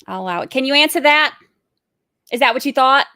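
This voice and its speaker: Woman, chatty, giggly, rambling, tired, fairly high voice, dry close sound. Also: expressive, fairly quick, sharp tone, clear, resonant tone, dry recording. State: sleep-deprived. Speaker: livestream host. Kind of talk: casual chat.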